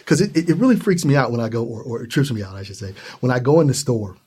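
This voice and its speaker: A man's voice: quick pace, breathy edge. A man from Ohio in the US Midwest, a guest in a conversational interview, talking earnestly and acting out the people in his stories. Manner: earnest, animated storytelling, acts out high-pitched quoted voices.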